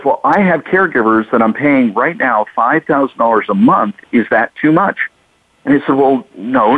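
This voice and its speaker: Male radio co-host, animated storyteller, voices his callers; tinny phone-band audio. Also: mid-range voice, dry recording. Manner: storytelling, acts out callers' lines. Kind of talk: casual radio talk.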